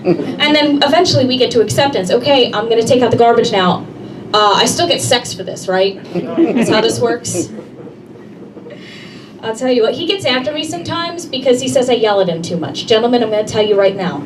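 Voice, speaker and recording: A woman with a fairly high, animated voice and a quick pace does a stand-up set on a comedy club stage, brash and chatty as she speaks straight to the crowd. The mic sits far away, picking up a noisy room.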